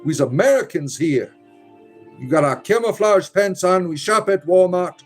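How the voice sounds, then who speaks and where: Man doing a redneck guy, Southern drawl, exaggerated twang, higher voice, mocking. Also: lively intonation, moderate pace, soft background music. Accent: Southern US drawl, put on. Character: boastful redneck American man.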